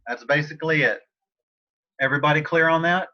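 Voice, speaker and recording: A male Spanish teacher leads an online class from home, casual and encouraging, calling on students by name. His voice is bright and forward. The computer mic makes the sound a bit dull and muffled. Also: medium pitch, normal speed. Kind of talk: online class tutoring session. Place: home, on a video call. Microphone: computer mic on a video call. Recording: slightly dull video call audio.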